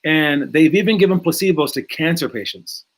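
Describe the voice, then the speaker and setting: A man coaching young basketball players in a casual talk, energetic, with many fillers and repeated words. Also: fairly high pitch, moderate pace. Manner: energetic, acts out movie scenes in raised voices.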